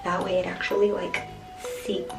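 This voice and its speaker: A woman's voice: fairly low pitch, level tone, normal speed, vocal fry, over music. A young woman casually explaining how she dyes her own hair, rambling with many fillers. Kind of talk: casual home tutorial. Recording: echoey room from far off.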